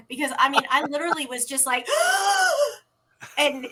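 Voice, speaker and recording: A woman guest in a casual interview, telling lively stories from home and acting out the dialogue she quotes. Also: sits high, normal speed, pauses often, background noise. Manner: animated, acts out quoted dialogue. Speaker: interview guest, teen podcast organizer.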